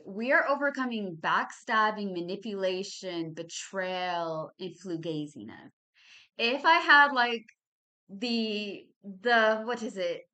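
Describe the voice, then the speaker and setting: In a casual monthly tarot reading, a woman in her thirties with a Southern Texas accent chats with her viewers, calling them babies and y'all. Her voice is medium in pitch, pushed and bright, and her talk is slangy and chatty.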